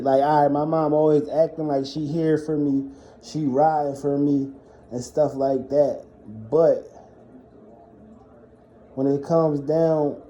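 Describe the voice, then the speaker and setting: A man's voice: on the high side, dark tone, slight background noise. Man venting blunt, profane stories. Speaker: storyteller. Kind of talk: casual storytelling monologue.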